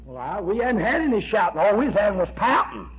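High-voiced man preaching a fiery revival sermon. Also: very animated, fast. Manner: emphatic, repeats "I tell you" and "amen", rises to shouts. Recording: dull lo-fi recording with faint hiss.

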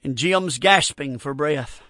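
A man's voice: on the high side, slow, bright, forceful tone, dry recording, studio quality. A middle-aged man preaching a fervent radio sermon, repeating phrases in a folksy, plainspoken way.

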